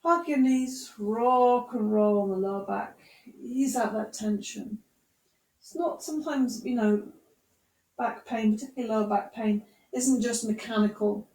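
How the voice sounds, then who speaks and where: A woman guiding a yoga class with gentle, encouraging, unhurried instructions. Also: medium pitch, steady tone. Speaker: yoga teacher. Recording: echoey room, voice from far off.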